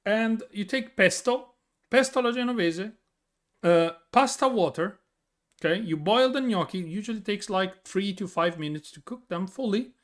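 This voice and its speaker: A man's voice: high voice, expressive, moderate pace. A tired man with an Italian accent, streaming and answering viewer questions in a chatty way, full of fillers and restarts. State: tired from little sleep. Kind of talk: casual chat reading viewer questions.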